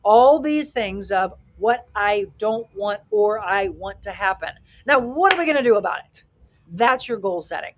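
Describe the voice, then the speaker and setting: Woman, talk radio host, motivational coach, emphatic and energetic, punchy delivery. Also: moderate pace. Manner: emphatic, energetic, acts out quotes with rising pitch.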